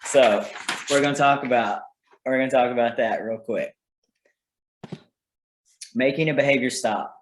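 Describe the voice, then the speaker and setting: A man of middle pitch leads a casual teaching talk for parents, tossing out "right?" to check that the room follows along. His voice carries a roomy echo from the space around him. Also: a little slow, pauses often, a little hiss or hum. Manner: conversational, keeps checking in with "right?". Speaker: parenting workshop presenter.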